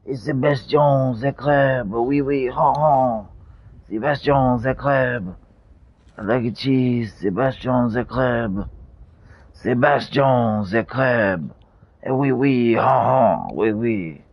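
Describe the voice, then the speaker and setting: A man's voice: sits low, fairly even intonation, a little slow, no room sound, pitched above the performer's own voice. A man putting on a teasing, exaggerated French voice with a singsong cackle, in a lo-fi recording. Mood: mocking.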